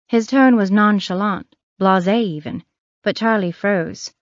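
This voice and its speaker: A woman reading an audiobook thriller in a measured, even scripted narration. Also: medium pitch, dry recording. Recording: dry, muffled.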